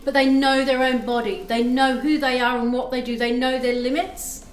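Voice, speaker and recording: A woman's voice: sits high, fairly even intonation, moderate pace. A woman giving a live tarot reading on stream, chatting with viewers and thanking them as she explains the cards. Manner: chatty, reads chat aloud, thanks viewers. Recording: echoey room with faint music.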